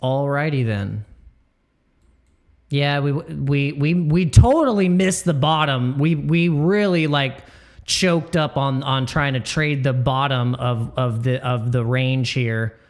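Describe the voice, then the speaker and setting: A man's voice: mid-range voice, slow pace. A man hosting a casual crypto live stream, talking in a rambling, slangy way that repeats words and jokes with the chat.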